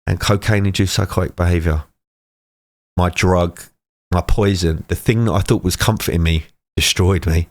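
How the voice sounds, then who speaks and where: A middle-aged man with a very low voice, speaking earnestly and close to tears. He talks in short, punchy lines broken by heavy sighs, the way a motivational speaker would. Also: fairly even intonation, normal speed. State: tearful, emotional. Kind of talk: emotional personal testimony.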